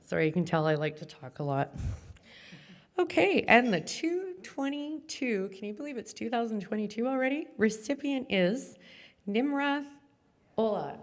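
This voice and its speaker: A woman's voice: on the high side, expressive, moderate pace. A middle-aged woman mayor giving a heartfelt, chatty award-ceremony speech with many fillers.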